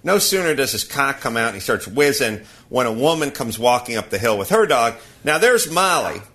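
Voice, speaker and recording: A man's voice: medium pitch, very animated, fairly quick, a bit bright. A man hosting a podcast, ranting and laughing through a casual comic story. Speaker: podcast host.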